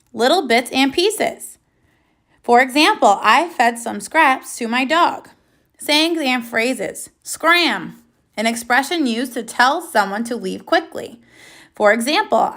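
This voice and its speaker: A woman teacher giving a recorded reading lesson for young children, slow, clear and encouraging, with lively praise. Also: fairly high pitch.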